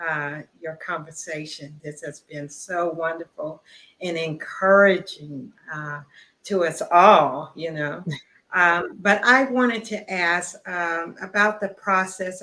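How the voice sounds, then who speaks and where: A woman pastor asking a question on a radio show, gentle and hesitant with frequent pauses. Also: fairly low pitch.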